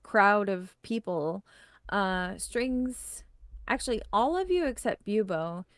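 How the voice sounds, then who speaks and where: A woman's voice: mid-range voice, lively intonation, takes it slowly, dry recording, studio quality. A woman narrating as game master in casual talk, with many fillers. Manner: casual, rambling, full of fillers and "like".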